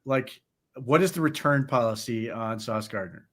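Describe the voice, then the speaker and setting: A man co-hosting a sports podcast, talking football in casual chat, animated and incredulous, often stammering into restarts. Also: mid-range voice, normal speed.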